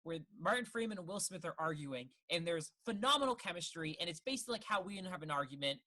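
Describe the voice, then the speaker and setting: This young man co-hosts a laid-back film podcast, his voice bright, forward, high-pitched and animated at a fast clip. He rambles, curses freely and slips into exaggerated voices to act out the scenes he's describing.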